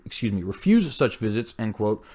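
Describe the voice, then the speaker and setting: A man's voice: on the low side, sing-song, fairly quick, mellow. A man hosting a commentary show, reading news aloud with blunt, scornful asides and frequent slips and self-corrections.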